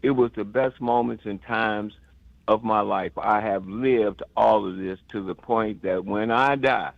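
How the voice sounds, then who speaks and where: A man's voice: fairly low pitch, steady tone, measured pace, gravelly, dry recording. An older man from the Chicago area calling in to a radio show, emotional and rambling, stammering and repeating himself. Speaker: caller. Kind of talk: impassioned call-in rant. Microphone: phone. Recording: dull phone line.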